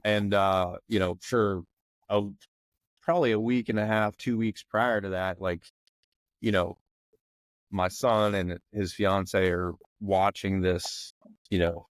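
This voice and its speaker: A man in his forties, from the McKeesport area in Pennsylvania, chatting as a podcast guest. His voice sits a little low and sounds dry and close, with no room around it. He rambles loosely and leans on "you know what I mean.". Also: fairly even intonation, slow pace, no echo. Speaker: podcast guest, former football player. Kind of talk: casual podcast conversation.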